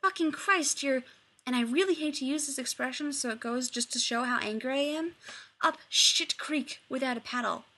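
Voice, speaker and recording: Brief: woman voicing a cranky genius man, loud and snappy, a little higher than her own reading voice. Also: moderate pace. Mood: furious. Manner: exasperated, loud outbursts. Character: irritable fast-talking male scientist, sharp-tongued.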